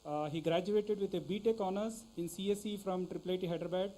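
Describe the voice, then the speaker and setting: A man presenting awards at a ceremony on an auditorium stage, announcing winners formally with some halting pauses. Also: high-pitched, steady tone, warm tone, slight background noise, low-quality recording.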